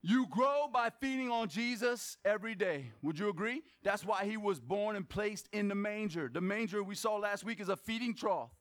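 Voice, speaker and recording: A man with a very high voice preaches a lively sermon to his church. He keeps asking the congregation questions, slips in joking asides, and now and then bursts into a shout to drive his point home. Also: normal speed, hardly any pauses. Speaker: pastor. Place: church service.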